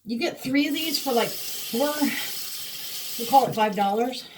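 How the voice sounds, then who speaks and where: A woman's voice: fairly high pitch, animated, unhurried, distant mic, background noise. A middle-aged woman, chatting casually through a skincare routine with lots of fillers. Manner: chatty, rambling, frequent fillers. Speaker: beauty vlogger. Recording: voice a bit away from the mic.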